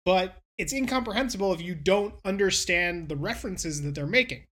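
Brash, profane female co-host; bright, sharp tone. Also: on the low side, animated, a little fast. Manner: brash, profane, acts out characters' reactions. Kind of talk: casual chat, recapping an episode.

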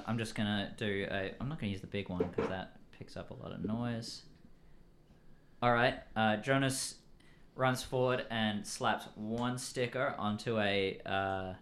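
A man running a tabletop game as game master, relaxed and rambling with filler pauses. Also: lowish voice.

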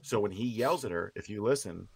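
A deep-voiced man tells stories from a film set, sometimes rushing his words in bursts. He speaks as a guest over a video call. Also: expressive, gravelly, darkish tone, slightly rough, dry recording. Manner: storytelling, quick-talking in bursts. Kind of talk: casual anecdote.

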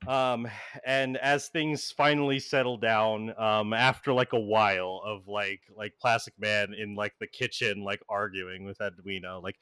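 A man's voice: fairly low pitch, steady tone, unhurried, bright, forceful tone, clean tone, dry recording. A man narrating a tabletop role-play game as game master, rambling and full of filler words.

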